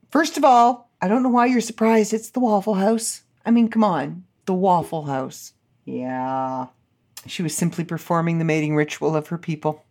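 A woman hosting her podcast, telling stories in an animated, sarcastic, ranting way. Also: fairly low pitch, unhurried. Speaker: podcast host. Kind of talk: casual chat.

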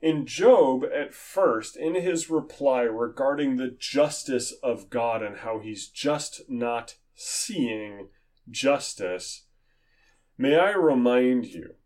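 A male Bible teacher speaks at a slow, deliberate pace. His voice sits at an ordinary middle pitch, and he explains each point in an earnest, measured way. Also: a little mellow. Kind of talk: Bible study sermon.

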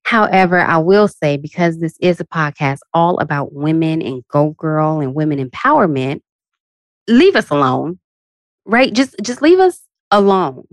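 A woman hosting her own podcast, venting candidly about being tired and worn out. She jumps up into high, animated asides when she quotes herself. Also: unhurried, no echo, clean studio sound. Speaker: podcast host. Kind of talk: casual solo podcast rant.

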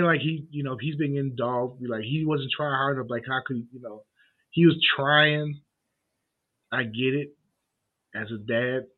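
A man chatting casually, telling a story and acting out the people in it with lively quoted voices. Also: medium pitch, breathy edge. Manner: animated, acts out quoted voices. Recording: tinny phone-like sound.

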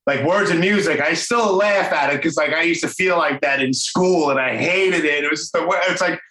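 Middle-aged New York podcast host, rambling and loose, brightish voice a little above average pitch. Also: male voice, fairly quick, roomy sound, rough recording. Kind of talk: casual interview chat. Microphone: video call.

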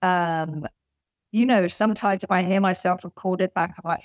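A woman in her late fifties with a London accent, chatting as an interview guest in an animated, self-mocking way with many restarts. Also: fairly low pitch, moderate pace, no echo, clean studio sound. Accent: London English. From London, England. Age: late 50s. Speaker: guest author and performer. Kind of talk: casual interview chat.

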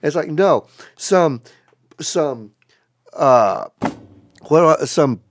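A man as a podcast guest in casual chat, telling stories in a profane, animated way. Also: on the high side, very slow, slight background noise.

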